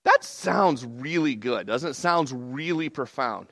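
A pastor preaches a sermon in a conversational, animated manner, frequently restarting his sentences. He has a mid-range voice and speaks slowly.

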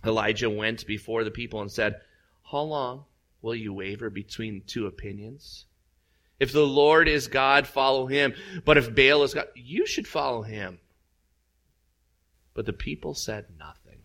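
Man, pastor, sermon delivery, gravelly and bright, animated storyteller. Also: mid-range voice, unhurried. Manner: animated storytelling, acts out voices with big jumps up.

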